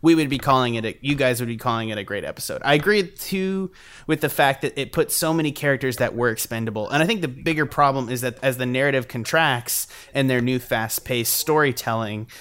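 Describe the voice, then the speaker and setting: Podcast co-host, male, smooth clear voice, animated and opinionated. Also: medium pitch, brisk. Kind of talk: casual chat.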